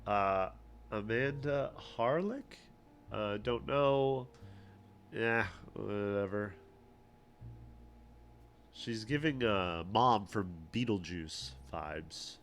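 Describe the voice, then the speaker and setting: A man's voice: fairly low pitch, animated, drawn-out words, long pauses, fairly bright tone, a little hiss or hum. A man co-hosting a livestream, giving offhand, mocking outfit commentary that trails off into fillers. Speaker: podcast co-host.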